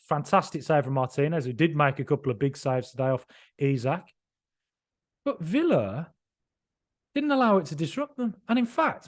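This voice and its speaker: A man hosting a football podcast, giving an excited, emphatic and rambling reaction right after a match. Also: on the high side. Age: 30s or older.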